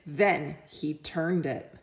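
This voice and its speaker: A woman reading a children's picture book aloud, expressive and doing little voices for the animals. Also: sits low, drawn-out words, creaky. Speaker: reader.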